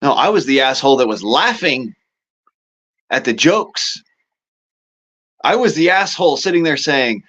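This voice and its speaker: A man hosting his own show delivers a rambling, profanity-laced rant. His pitch swings widely as he works himself up, and he breaks into amused, exasperated laughter at his own complaints. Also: expressive, moderate pace, pauses often, sharp tone, rough recording. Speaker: show host. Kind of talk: casual ranting monologue.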